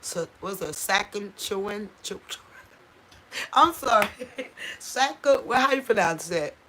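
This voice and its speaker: A woman's voice: mid-range voice, animated, slow pace, a bit bright, a little hiss or hum. A woman hosting a casual livestream, chatting with viewers and reading out their comments, tripping over unfamiliar place names. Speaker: channel host.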